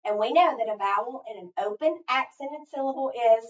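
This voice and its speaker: A woman teacher giving a phonics lesson, thinking aloud step by step and pausing so listeners can finish her sentences. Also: on the high side. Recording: echoey, distant, dull sound.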